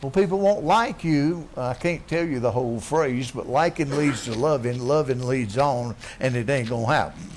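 A man preaching a blunt, folksy sermon, dropping to quiet asides and then yelling. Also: mid-range voice, moderate pace, slight background noise. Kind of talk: fiery sermon.

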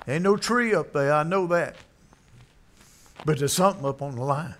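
A man with a fairly high, bright voice preaches a sermon at normal speed, pausing often. He tells a story in a folksy way and acts out the voices of its characters.

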